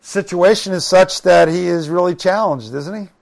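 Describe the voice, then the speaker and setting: Male preacher, gravelly, reads scripture then adds folksy asides. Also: high voice, moderate pace, darkish tone. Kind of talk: Bible study sermon.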